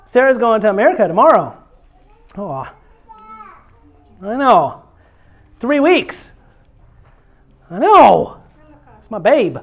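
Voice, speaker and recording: A woman preaching a conversational sermon. She keeps asking the congregation questions, tags her points with "right?" and "you know?", and repeats key lines slowly and softly to drive them home. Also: fairly high pitch, sing-song, slightly rough. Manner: asks the congregation rhetorical questions; repeats key phrases, slowing and softening to stress them.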